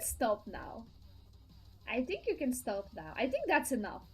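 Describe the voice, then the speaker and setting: A woman's voice: fairly high pitch, sing-song, a little slow, husky. A woman streamer chatting on a live game stream, giggling often and effusively thanking her viewers. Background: faint game music.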